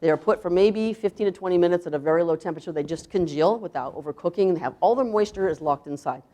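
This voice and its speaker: A woman's voice: lowish voice, fast, warm tone. Emphatic woman chef giving a talk. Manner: emphatic, rhetorical questions; acts out quoted voices. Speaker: chef presenter. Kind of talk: conference talk.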